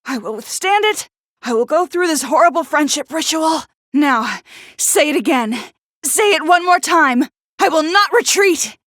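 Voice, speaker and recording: Stuttery sarcastic teen girl from a video game, high voice, dry close studio sound. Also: lively intonation, a little slow, a bit bright, dry recording. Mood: flustered. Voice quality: stuttering, nervous stammer. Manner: snide, sarcastic put-downs. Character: stammering, gloomy, sharp-tongued teenage schoolgirl. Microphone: close studio mic.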